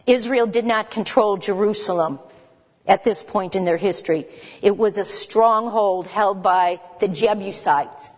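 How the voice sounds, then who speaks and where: A woman teaching a Bible lesson in a conversational, emphatic way, with quick asides to her listeners. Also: mid-range voice, long reverb tail.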